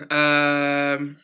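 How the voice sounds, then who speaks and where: With a slightly high, smooth voice that's bright and forceful, a young Englishman hosting a livestream reads out viewer comments and responds in a friendly, chatty tone. A frog sits in his throat, and the audio is poor.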